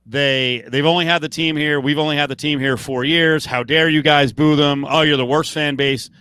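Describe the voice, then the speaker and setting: Sports pod guy ranting hard, swears a lot, bright edgy voice, kinda high, dead dry mic. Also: steady tone, moderate pace, clean tone, dry recording. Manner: profane, heated ranting, rising to shouts. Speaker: podcast co-host. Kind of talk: late-night sports talk rant.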